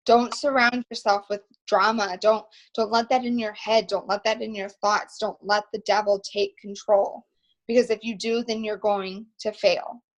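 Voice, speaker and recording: A young woman hosting a motivational team video call, telling stories in an excited, emphatic, rambling way. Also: medium pitch, normal speed, highs cut off.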